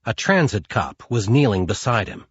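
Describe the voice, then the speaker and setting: A man reading a romance audiobook in a scripted narration style, with a husky voice. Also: moderate pace, dry recording. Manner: lively, voicing characters with raised pitch. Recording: dull lo-fi dry recording.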